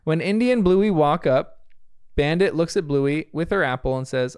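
A man's voice: on the high side, moderate pace, a little mellow, clean tone, dry recording, clean studio sound. A man casually recapping a cartoon episode scene by scene, chatty and often laughing. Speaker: TV episode reviewer.

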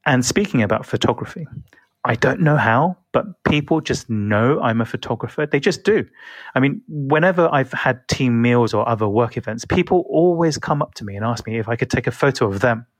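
A man's voice: mid-range voice, animated, brisk, no echo. A man giving a comic monologue as a guest, switching between his own English voice and a put-on accent. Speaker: guest interviewee. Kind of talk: recorded comedic monologue.

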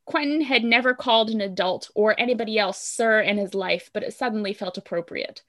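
A woman at a middle pitch chats casually through a plot recap. She retells scenes in a loose, relaxed way, with lots of ums and likes. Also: brisk. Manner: chatty, relaxed retelling with filler words. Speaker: podcast co-host recapping a show. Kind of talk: casual chat.

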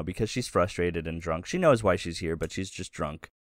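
A man's voice: deep voice, normal speed, no echo, clean studio sound. A man narrating as game master, describing scenes loosely and improvising as he goes.

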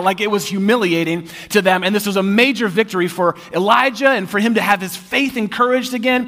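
A male pastor preaching a sermon in a church in a conversational, humorous way that often drops to a hushed intensity. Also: high-pitched.

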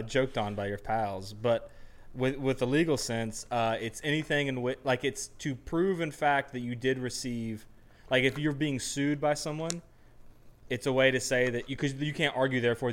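A man's voice: mid-range voice, fairly even intonation, normal speed. A man co-hosting a casual music podcast, rambling and joking with playful mock voices. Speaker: podcast co-host. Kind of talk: casual chat.

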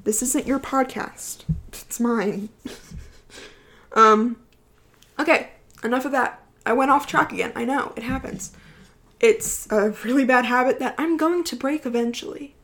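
A woman's voice: sits high, normal speed, long pauses, a bit bright. A woman of about twenty hosting her own podcast, chatting casually, rambling and giggling often. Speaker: podcast host. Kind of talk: casual chat.

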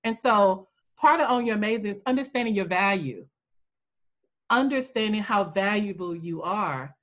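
A woman coach telling an animated story in a podcast interview, acting out the voices she quotes. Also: normal speed, highs cut off. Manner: animated storyteller, acts out quoted voices with big pitch jumps. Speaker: coach and founder.

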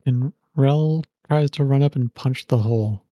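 Give me a man in a tabletop game who states his moves briefly and calmly. His voice is mellow and slow. It is recorded dry. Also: mid-range voice, dry recording. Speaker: player. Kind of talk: casual tabletop play.

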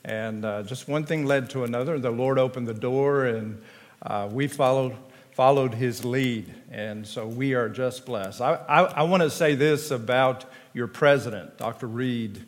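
Folksy Tennessee pastor in a chapel. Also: male voice, mid-range voice. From Tennessee, USA. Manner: folksy storytelling, halting restarts. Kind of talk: chapel address. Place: large chapel. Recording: long hall reverb.

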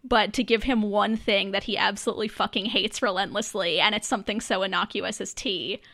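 A woman's voice: mid-range voice, steady tone, a little fast, sharp tone, dry recording, clean studio sound. A woman co-hosting a podcast, talking frankly and wryly with casual swearing. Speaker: podcast co-host. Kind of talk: casual chat.

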